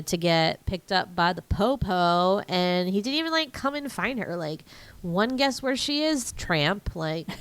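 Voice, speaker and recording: A woman's voice: lowish voice, a bit bright, smooth, dry recording. A woman hosting a podcast, chatting casually and swearing freely as she retells a film, often laughing and using lots of fillers. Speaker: podcast host.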